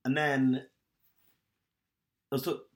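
A man's voice: mid-range voice, slow. A man co-hosting a podcast, telling a story in casual chat with lots of laughs. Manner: animated storytelling, laughs often. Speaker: podcast co-host.

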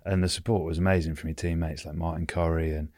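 Englishman, middle-aged, low voice, dry close sound; candid storyteller who swears. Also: flat delivery, fast talker, a little mellow, no echo. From England. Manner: frank, swears freely, many restarts. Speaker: guest, former rugby player. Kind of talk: casual storytelling.

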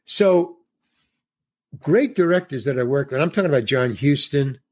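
A New Yorker in his eighties, appearing as a podcast guest, tells a rambling anecdote and acts out the quoted dialogue as he goes. His voice is mid-range with lively intonation at a moderate pace.

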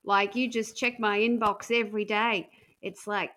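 A woman's voice: mid-range voice, level tone, moderate pace, a bit bright. A woman comedian from Australia telling bawdy stories in casual podcast chat, laughing often. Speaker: comedian guest.

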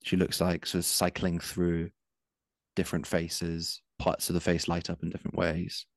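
A man's voice: deep voice, completely flat delivery, moderate pace, no room sound, studio quality. A man narrating as game master of a tabletop game, describing scenes with frequent ums.

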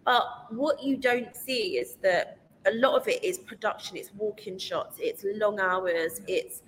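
A woman guest in a casual chat, telling lively stories and laughing often. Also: mid-range voice, a little slow. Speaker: podcast guest. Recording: roomy reverb with faint noise.

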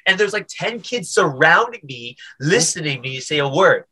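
A man's voice: a little high, brisk, few pauses, slightly rough. A man, a comedian and podcast guest, telling stories in a casual interview, with lots of stammered restarts. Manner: animated, stammering restarts, acts out voices.

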